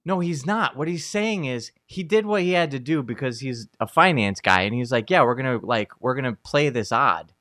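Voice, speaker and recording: Male co-host, casual chat, lively storyteller with restarts, mid pitch, dry studio sound. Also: moderate pace, hardly any pauses, dry recording. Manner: animated storytelling, many fillers and restarts. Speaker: co-host, Catholic psychologist. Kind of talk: casual conversational commentary.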